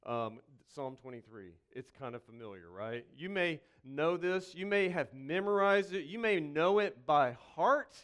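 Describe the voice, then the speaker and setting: Smooth-voiced male pastor, lively then hushed. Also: on the high side. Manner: swings from lively, joking asides to slow, hushed reflection; repeats key phrases slowly for emphasis. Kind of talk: conversational sermon.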